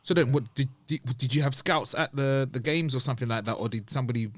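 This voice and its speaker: A man's voice: mid-range voice, quick pace, no echo. A man hosting a podcast, asking questions and chiming in with frequent eager agreement. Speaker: podcast host. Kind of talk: casual interview chat.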